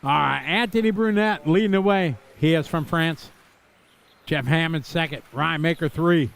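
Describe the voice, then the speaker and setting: A man's voice: a little high, moderate pace, gravelly, fairly bright tone, smooth. Chatty man calling an RC race. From Wisconsin. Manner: chatty, rambling asides between race calls. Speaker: race commentator. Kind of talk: live race commentary.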